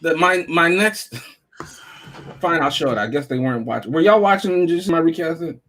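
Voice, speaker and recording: A man with a slightly high voice rambles and jokes through a casual group podcast. He trails off, restarts, and keeps the banter going. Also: expressive, a little fast, a bit bright. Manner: rambling, joking. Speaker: podcast co-host.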